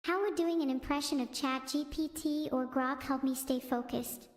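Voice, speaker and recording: A woman's voice: high voice, fairly even intonation, moderate pace. A woman's synthetic text-to-speech voice hosting a stream, chatting casually and rambling, easily sidetracked. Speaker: streamer host. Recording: echoey room with long reverb.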